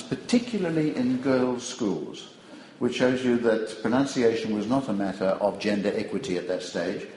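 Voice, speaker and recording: A man's voice: medium pitch, slight background noise. Older man lecturing in a roomy hall. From Australia. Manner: wry, digressive, animated storytelling. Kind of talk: public lecture.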